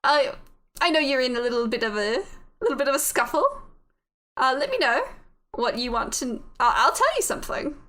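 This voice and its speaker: A woman voicing a smug, scheming British gentleman with a put-on British accent in a breezy, falsely reassuring tone. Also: high-pitched, very animated, fairly quick. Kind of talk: game master voicing a character.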